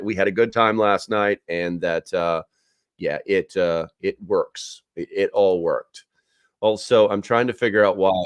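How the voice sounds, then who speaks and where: A man's voice: lowish voice, no echo, studio quality. A man hosting a casual live stream, rambling with many fillers as he chats with viewers.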